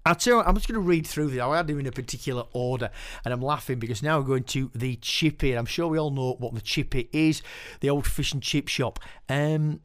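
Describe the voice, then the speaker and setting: A man hosting a podcast, reading his poetry aloud with unhurried, halting asides between poems. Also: medium pitch, no room sound, studio quality. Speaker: poet and podcast host.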